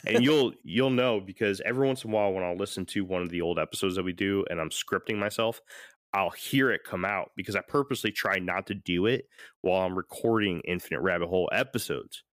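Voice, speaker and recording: A man's voice: sits low, quick pace, fairly bright tone, no room sound, clean studio sound. A man hosting a podcast in casual chat, rambling and often laughing. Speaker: podcast host.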